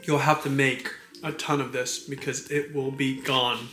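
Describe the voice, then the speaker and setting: A man's voice: medium pitch, flat delivery, unhurried, bright, forceful tone, soft background music. A man hosting a casual home cooking vlog, chatting to the camera and his family in an upbeat, persuasive way. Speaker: cooking vlogger and father. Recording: echoey room.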